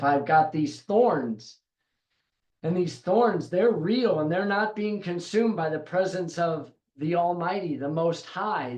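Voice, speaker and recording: Bible teacher, male, slightly high voice, emphatic and repetitive, roomy room sound. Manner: emphatic, repeats phrases for stress. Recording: roomy echo.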